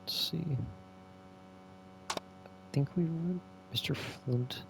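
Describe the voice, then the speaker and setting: A man's voice: fairly high pitch, slow, creaky, background noise. A man playing a game, reading in-game texts aloud and musing on the clues. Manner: musing, reacting aloud as he reads. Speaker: game player. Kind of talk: let's play commentary, reading in-game texts.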